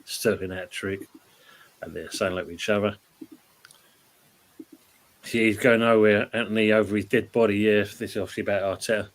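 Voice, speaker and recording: A man's voice: lowish voice, fairly even intonation, moderate pace, long pauses. A man hosting a casual football chat show, reading viewer comments aloud in a laid-back way. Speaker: podcast host reading live chat.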